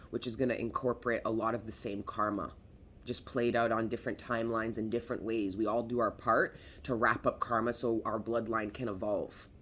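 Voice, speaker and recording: A man with a bright, forward voice giving a casual tarot reading straight to his viewers. He talks in a loose, rambling way, circles back on his words and drops the odd curse for emphasis. His voice sits at a middling pitch. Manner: rambling and emphatic, swears freely, repeats words. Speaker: tarot reader.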